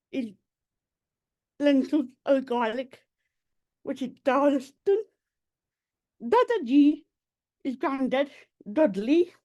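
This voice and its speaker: A woman from the Black Country in England, reading her own poems in a measured, deliberate way over a video call. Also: high-pitched, darkish tone. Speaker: poet. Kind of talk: poetry reading.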